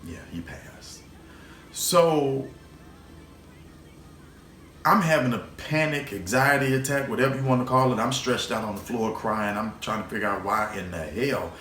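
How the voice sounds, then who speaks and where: Hosting his vlog, this man tells a personal story emotionally and with plenty of rambling, repeated words and the odd swear word. His mid-range voice moves at a normal speed and sounds a bit bright, with soft music behind him, a roomy echo and faint background noise.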